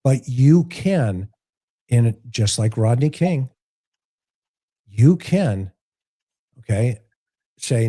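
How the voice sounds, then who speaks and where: Man, former cop, dark mellow voice, casual debate, mimics quoted dialogue. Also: mid-range voice, animated, drawn-out words, pauses often. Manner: acts out quoted dialogue while explaining. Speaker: former police officer, show guest. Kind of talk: casual debate on a talk stream.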